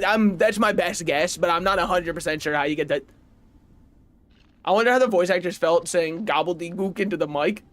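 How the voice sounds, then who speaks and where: A man in his twenties talking casually while streaming a game, animated and laughing, swearing and rambling off on tangents, on a desk mic at home. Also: high voice, clear, resonant tone. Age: 20s. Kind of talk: casual gaming livestream chat.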